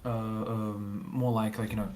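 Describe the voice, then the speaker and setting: A man's voice: on the low side, flat delivery, measured pace, background noise. Rambling man explaining on a livestream. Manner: thinks aloud, rambling with repeated fillers. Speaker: game developer. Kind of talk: casual livestream chat.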